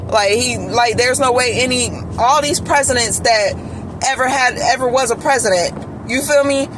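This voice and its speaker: A woman's voice: a little high, moderate pace, background noise. A woman telling a candid personal story in a chatty vlog style, with lots of "like" and "you feel me". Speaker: vlogger telling a relationship story.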